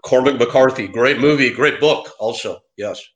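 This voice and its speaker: A man's voice: medium pitch, moderate pace, highs cut off. A man hosting an interview, chiming in with short agreements and hesitant restarts. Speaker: interview host. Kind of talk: conversational interview.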